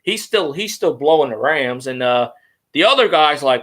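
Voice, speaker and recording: A man's voice: a little high, lively intonation, normal speed, a bit bright. A man, rambling casually and crudely on his fan vlog. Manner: loose, rambling and crude, with fillers. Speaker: fan vlogger.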